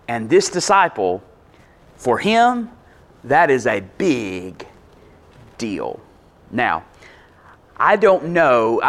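A man's voice: fairly high pitch, a bit bright. A male pastor preaching a sermon in a conversational way, walking through a Bible passage and checking in with the congregation.

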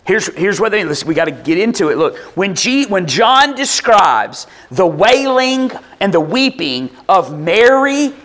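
A man's voice: high-pitched, very animated, a little slow, hardly any pauses, fairly bright tone. A male pastor preaching a conversational, expository sermon, firing rhetorical questions at the congregation.

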